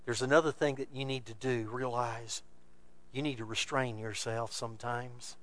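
A man preaching a sermon, moving between loud, emphatic bursts and low, quiet passages. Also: steady tone, normal speed.

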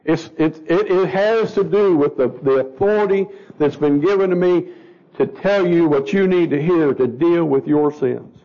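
A man's voice: fairly high pitch, normal speed, mellow, long reverb tail. A man teaching a Bible study to a group, asking them questions as he goes and stumbling over words. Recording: dull lo-fi recording.

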